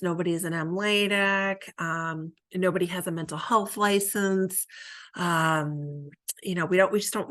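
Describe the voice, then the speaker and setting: A woman's voice: lowish voice, a bit bright. A woman teaching a counselor training in a conversational way, often checking in with "right?" and acting out sample lines a counselor and a client might say. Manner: conversational, tags statements with "right?". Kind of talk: recorded training lecture.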